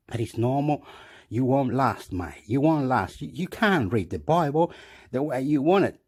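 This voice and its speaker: A man's voice: mid-range voice, a little mellow. A man from Chile, telling a rambling story with frequent laughs and stammered restarts. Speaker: vlogger.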